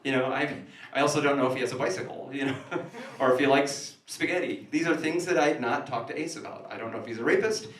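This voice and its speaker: A man's voice: mid-range voice, fast, few pauses, fairly bright tone. A man doing stand-up comedy in a small café, rambling and sardonic, recorded from a distance in an echoey room. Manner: rambling, self-interrupting, sardonic.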